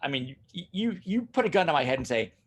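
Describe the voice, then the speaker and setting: A man talking casually as a guest about running his recording studio, animated and laughing often, repeating himself as he goes. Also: on the high side, quick pace. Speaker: guest, studio owner and drummer. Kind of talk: casual conversation.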